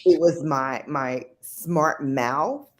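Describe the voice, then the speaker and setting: A woman with a low, even voice chats casually as a guest on a live stream. She tells her stories in a loose, reflective way, full of fillers and asides. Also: very slow. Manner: rambling, reflective storytelling with fillers.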